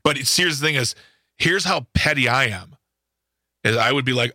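A man co-hosting a talk radio show, playful and quick to laugh. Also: mid-range voice, lively intonation, sharp tone, no echo, studio quality. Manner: playful, laughs often, goofy. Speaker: radio co-host. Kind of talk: casual radio banter. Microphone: studio microphone.

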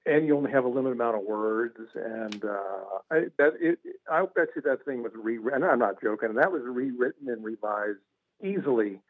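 A man's voice: medium pitch, animated, fairly quick, dry recording. A man calling in as a guest author, talking casually and rambling with lots of restarts. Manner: rambling, repeats words, laughs at his own stories. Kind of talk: casual radio interview. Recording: tinny phone line.

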